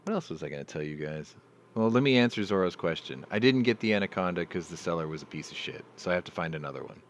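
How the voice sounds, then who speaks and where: Deep-voiced middle-aged man telling stories. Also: lively intonation, quick pace, a little hiss or hum. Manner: profane, rambling storyteller. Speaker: host. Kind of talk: casual live chat.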